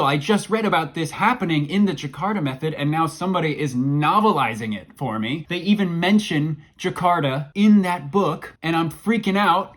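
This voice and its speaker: Male book vlogger, slightly high voice, excitable and jokey, casual delivery. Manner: enthusiastic, jokey, hyperbolic. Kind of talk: casual book review vlog.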